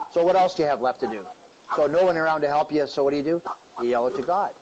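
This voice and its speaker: A Canadian guest in his fifties talks at a quick pace in a mid-range, slightly mellow voice, and the audio has its highs cut off. On a live-streamed interview, he rambles through a long personal story, peppered with "right?" and "you know."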